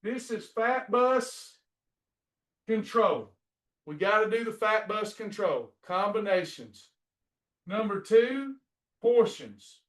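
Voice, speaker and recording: Sing-song and fairly bright, his voice sits high and takes things slowly, with long pauses. A middle-aged weight-loss program coach, he gives a preachy, repetitive faith-based lesson to encourage his class.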